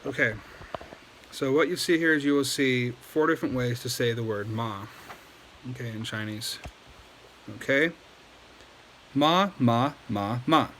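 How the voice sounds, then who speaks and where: A man's voice: medium pitch, steady tone, moderate pace, long pauses, fairly bright tone, a little hiss or hum, rough recording. A man giving a casual language lesson at home at night, patiently explaining and checking in with okay after each point. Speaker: Chinese language teacher.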